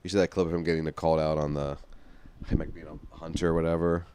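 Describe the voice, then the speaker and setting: A man hosting a casual podcast chat, tossing in quick questions. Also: a bass voice, little pitch movement, warm tone, clear, resonant tone. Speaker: podcast host.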